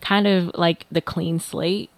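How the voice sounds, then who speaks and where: A woman asking a question in an interview, gentle and careful, halting with fillers as she finds her words. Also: fairly low pitch, steady tone, no room sound.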